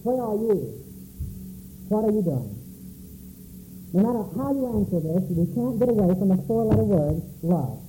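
A man's voice: sits high, big pitch swings, normal speed, pauses often, dark tone, roomy sound, faint music behind, low-quality recording. A man preaching a sermon in a church, calling out questions dramatically to the congregation. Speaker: pastor.

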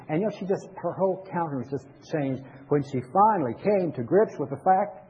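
An older man, a pastor with grandchildren, giving a conversational sermon full of pauses and restarts. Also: on the high side, animated, slightly rough, highs cut off.

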